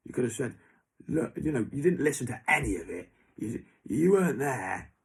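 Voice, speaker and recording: Husky, ranting young Englishman. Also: fairly low pitch, darkish tone. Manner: ranting, heavy swearing, repeats a name. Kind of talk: angry monologue to an absent person.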